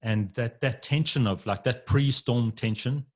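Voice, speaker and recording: A man's voice: medium pitch, unhurried. A man as a podcast guest, telling a long personal story in a rambling, casual way with frequent laughs and swearing.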